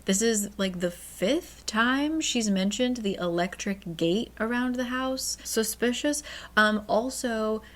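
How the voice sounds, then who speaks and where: Give me a chatty woman casually recapping a book, with dry sarcastic asides. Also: medium pitch. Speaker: book channel host.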